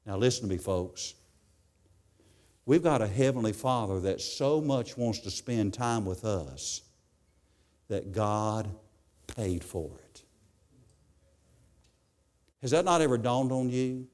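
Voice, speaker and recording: A man's voice: on the low side, animated, takes it slowly, pauses often, darkish tone. A male preacher giving a sermon, telling stories and often repeating his words as he goes.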